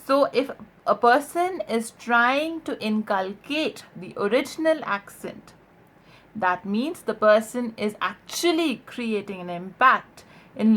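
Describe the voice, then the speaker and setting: Woman, tutor, formal lesson, earnest, repetitive phrasing, restarts. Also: fairly high pitch. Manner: formal, earnest, addresses viewers as ladies and gentlemen. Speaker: English accent tutor. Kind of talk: spoken lesson to camera.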